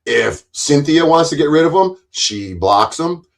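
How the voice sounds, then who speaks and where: A man's voice: fairly high pitch, expressive, measured pace, gravelly, rough recording. A man hosting a live stream, ranting angrily with lots of cursing and rambling restarts.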